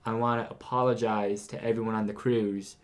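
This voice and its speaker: A man's voice: lowish voice, flat delivery, a little fast, a little hiss or hum. A teenage boy co-hosting a casual podcast, telling stories in a rambling way with lots of fillers. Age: teens. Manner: rambling, filler-heavy storytelling. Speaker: podcast co-host. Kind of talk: casual chat.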